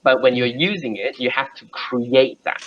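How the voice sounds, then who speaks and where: Male online tutor, patient and example-driven, mid-pitched, lo-fi call audio. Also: moderate pace. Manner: patient, explains with examples, many restarts. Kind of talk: casual video call lesson. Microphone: video call.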